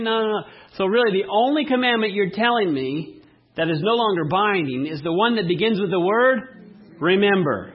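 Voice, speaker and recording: A man preaching a sermon, asking the congregation questions and telling lively everyday stories. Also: sits high, fairly quick, husky, muffled recording. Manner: asks the audience rhetorical questions, animated storytelling. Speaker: pastor.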